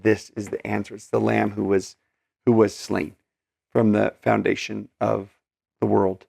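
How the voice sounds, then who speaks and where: A man's voice: fairly low pitch, level tone, measured pace, vocal fry, a little mellow, breathy edge, no room sound, clean studio sound. A man teaching scripture in an earnest, conversational way, with many fillers and restarts. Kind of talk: casual scripture study talk.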